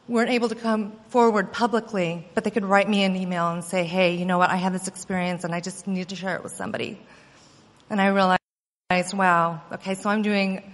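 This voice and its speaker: A woman's voice: mid-range voice, fairly bright tone. A woman giving a personal testimony at a conference, telling her story earnestly with many fillers and restarts. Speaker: conference speaker. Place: conference hall. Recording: long hall reverb.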